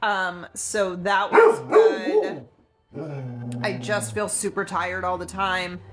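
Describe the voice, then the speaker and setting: A woman's voice: mid-range voice, expressive, slow pace, music in the background. A middle-aged woman chatting casually on a live stream from her home, rambling with lots of fillers. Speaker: animal sanctuary live-streamer. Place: home, indoors. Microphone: camera on a tripod.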